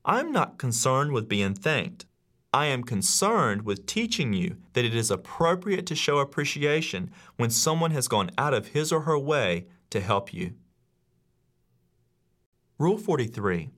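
Guy reading his class rules like an audiobook, pitch bouncing around a lot, steady and instructive. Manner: measured, instructive, acts out quoted lines. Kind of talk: audiobook narration.

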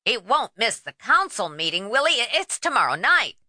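A woman's voice: fairly high pitch, very animated, moderate pace, bright, forceful tone, no echo, studio quality, pitched above the performer's own voice, full character voice. A woman voicing an anxious blind man who hollers down a phone line, worried and urgent.

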